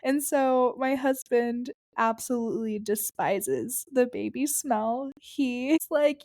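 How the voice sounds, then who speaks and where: A woman's voice: a little high, slow pace, darkish tone. A woman who works as a birth doula, talking casually in a chatty, rambling way. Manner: chatty, rambling, often laughing. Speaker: birth and postpartum doula, guest. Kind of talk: casual chat.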